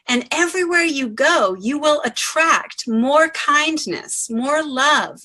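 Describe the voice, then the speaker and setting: A woman speaking in an inspirational talk, slow, gentle and encouraging. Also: sits high, rough recording.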